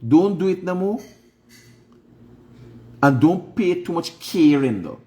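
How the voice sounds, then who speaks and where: A man's voice: a little high, lively intonation, takes it slowly. Emphatic Guyanese man lecturing. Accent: Guyanese Creole English. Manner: emphatic, lecturing, swings up into loud rhetorical questions. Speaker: online show host. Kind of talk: preachy casual livestream monologue.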